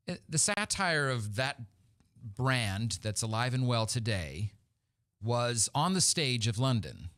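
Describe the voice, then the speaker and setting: A man, a theater company guest on a radio show, talking chattily with many pauses, fillers and laughs. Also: mid-range voice, very animated, fairly bright tone. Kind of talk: casual interview chat.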